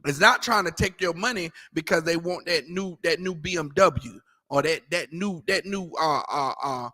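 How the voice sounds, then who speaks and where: A man talking casually in a scripture class, animated and mocking, acting out the voices he quotes. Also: fairly high pitch, moderate pace, big-room sound. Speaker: class teacher.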